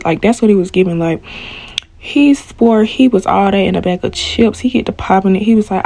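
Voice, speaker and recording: A young woman telling a story to viewers while she cooks, animated and full of slang. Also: mid-range voice, brisk. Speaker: cooking vlogger.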